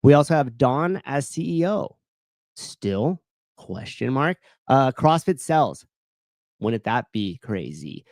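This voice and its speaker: Male streamer-host, casual chatty rambler, average pitch, dead-dry room. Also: sing-song, takes it slowly, a little mellow, no echo. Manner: rambling, self-interrupting, reads live chat. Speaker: show host. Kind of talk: casual livestream chat. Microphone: desk mic.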